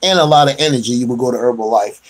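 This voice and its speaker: A man's voice: medium pitch, rapid-fire. A middle-aged man hosting a casual radio show, loose and joking, talking straight to listeners. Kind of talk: casual internet radio chat.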